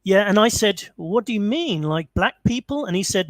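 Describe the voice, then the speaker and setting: A man's voice: sits high, lively intonation, moderate pace, hardly any pauses, no room sound. A man hosting a call-in show, telling a long rambling story with many fillers and restarts. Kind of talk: casual storytelling.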